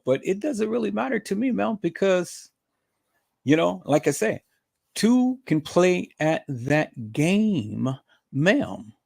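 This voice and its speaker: A man's voice: medium pitch, vocal fry, breathy edge. A man hosting a livestream, taunting and repetitive as he calls out a rival and greets viewers in chat. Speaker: livestream host.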